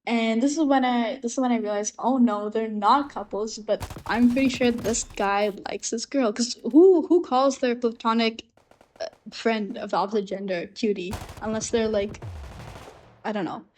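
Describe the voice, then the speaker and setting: A woman's voice: fairly high pitch, moderate pace, darkish tone, a little hiss or hum. Rambling young woman telling a story. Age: young adult. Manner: rambling, with many fillers and restarts. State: coughing from recent illness. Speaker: university student. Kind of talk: unscripted storytelling monologue.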